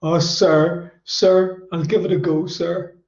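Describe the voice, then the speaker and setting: A hoarse man voicing a timid, tearful young male trainee skydiver in a higher, pleading voice. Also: level tone, moderate pace, reverberant, muffled recording, lightly acted.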